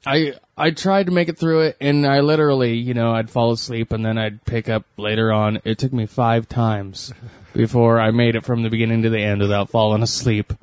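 A man's voice: mid-range voice, fairly even intonation, a little mellow, no echo. A middle-aged man with an ordinary mid-range voice talks casually, stopping and restarting his sentences as he goes. The recording is dry and close. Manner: hesitant, halting with fillers and restarts. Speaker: podcast co-host. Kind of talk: casual chat.

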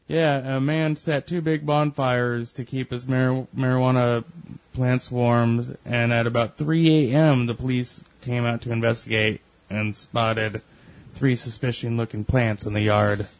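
A man in casual chat, deadpan, teasingly relaying a news item. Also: medium pitch, a little slow, dry recording.

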